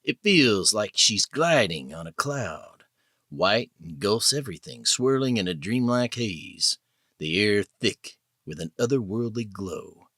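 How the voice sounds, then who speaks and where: Brief: male audiobook narrator, very low but lively voice, bright edge, dry close mic. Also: no echo. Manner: measured, descriptive storytelling.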